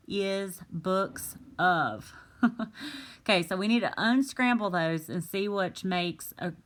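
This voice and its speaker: Slow, low-voiced woman teaching phonics. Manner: slow, careful, drawn-out word reading. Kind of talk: recorded phonics lesson for young students. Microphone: tablet microphone.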